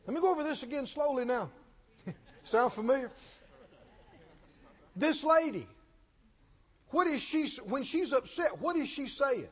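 A male preacher with a very high, lively voice who speaks slowly and leans hard on each point. The sound is dull and lo-fi, with a long reverb trailing off in a big hall. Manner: slow, emphatic preaching with rising intensity. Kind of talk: sermon.

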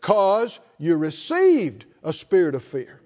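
Guy preaching, high voice for a man, stretches words out, big echoey hall. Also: huge pitch swings, takes it slowly, mellow, lo-fi sound. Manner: emphatic, drawing out key words and prompting the crowd. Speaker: pastor. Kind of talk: sermon with call-and-response.

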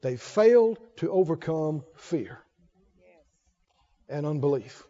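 A man's voice: on the high side, animated, slow pace, dark tone, lo-fi sound. A man preaching a sermon, asking questions and answering them in a folksy, call-and-response way.

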